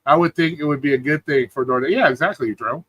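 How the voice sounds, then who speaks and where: A man's voice: fairly high pitch, fast talker, a bit bright, breathy edge, no room sound. A man hosting a livestream, ranting in a profane, mocking way and talking back to chat. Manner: profane, mocking, mimics people in a whiny voice. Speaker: livestream host.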